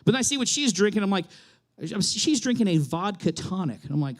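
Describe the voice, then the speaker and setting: A man's voice: sits high, very animated, fairly quick. A young man from Reno, Nevada, doing a wry, self-deprecating stand-up set on a theater stage. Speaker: stand-up comedian. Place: theater stage with live audience.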